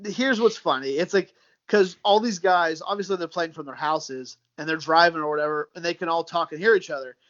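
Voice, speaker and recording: High-voiced Midwestern man chatting casually. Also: a little fast, lo-fi sound. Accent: Midwestern American. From United States. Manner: relaxed, repeats words, says "dude" and "man". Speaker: guest, sports podcaster. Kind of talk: casual chat.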